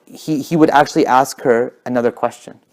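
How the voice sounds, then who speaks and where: A young man talking quickly at a casual talk, his voice at an ordinary pitch for a man. He tells his story in an animated way, full of "like" and restarts. He never slows down for long. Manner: fast, animated storyteller with many fillers and restarts. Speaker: speaker at a community talk.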